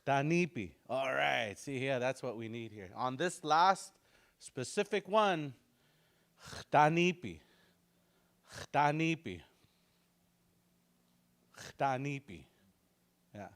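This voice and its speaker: A middle-aged man teaching a relaxed language class, joking and repeating words slowly for practice. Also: mid-range voice, vocal fry. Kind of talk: casual online language lesson.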